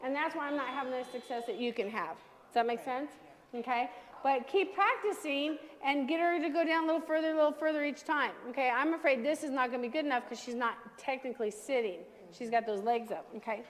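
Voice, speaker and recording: A woman with a high voice runs a dog training class, coaching owners step by step. She keeps checking in with a quick "okay?" as she explains. Her voice carries a long reverb, as if recorded in a hall.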